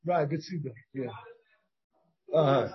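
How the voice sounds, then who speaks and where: A man with a high-pitched, somewhat husky voice leads an informal Talmud lesson. He reasons out loud, breaks off and restarts his sentences, and keeps asking his students questions. The sound is dull and lo-fi, like a plain class recording. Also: measured pace. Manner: thinks aloud, with many restarts and questions to the students. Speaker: rabbi teaching a Talmud class. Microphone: shared class recording, partly over a video call.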